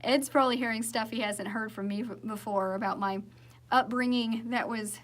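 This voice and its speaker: A woman's voice: on the high side, steady tone, normal speed. A young woman with a Southern accent chatting casually with viewers on a livestream, rambling with fillers and restarts. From Southern United States. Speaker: singer-songwriter livestreaming.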